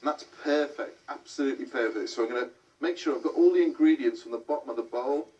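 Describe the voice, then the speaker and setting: A man's voice: mid-range voice, fast, a little mellow, highs cut off. A man hosting a cooking show, explaining each step in a chatty way as he cooks. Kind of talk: cooking demonstration. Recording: distant mic with background music.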